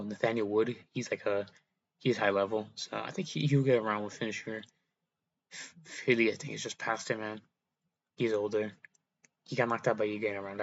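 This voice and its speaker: A man's voice: lowish voice, muffled recording. A young man casually rambling through fight predictions, often correcting himself and swearing offhand. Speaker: MMA predictions YouTuber. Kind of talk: casual fight breakdown monologue.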